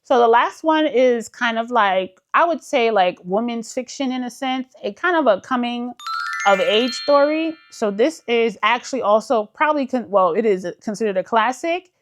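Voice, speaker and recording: A woman's voice: a little high, expressive, normal speed. Chatty woman book vlogger. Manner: chatty, enthusiastic, uses many fillers like "like"; addresses viewers as "y'all". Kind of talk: casual chat.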